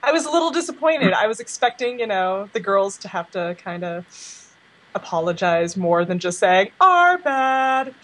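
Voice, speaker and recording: A woman chatting casually as a podcast guest, bubbly and excitable. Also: medium pitch, moderate pace, rough recording. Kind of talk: casual chat.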